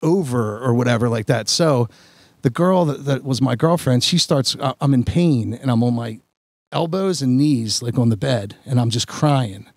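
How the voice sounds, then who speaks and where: A man on a podcast, telling a long story in a rambling, animated way with many restarts. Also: medium pitch, normal speed, no room sound, clean studio sound. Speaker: podcast host. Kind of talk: casual storytelling chat.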